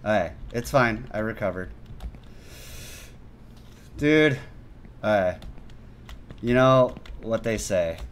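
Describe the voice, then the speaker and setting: A man doing gameplay commentary, excitable and self-mocking, breaking into sudden yelps and shouts. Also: lowish voice, takes it slowly, long pauses. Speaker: gaming youtuber.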